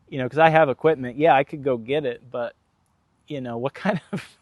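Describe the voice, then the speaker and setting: A man's voice: mid-range voice, a little fast, dry recording. A man vlogging in a casual, rambling storytelling monologue, frank and profane, full of fillers.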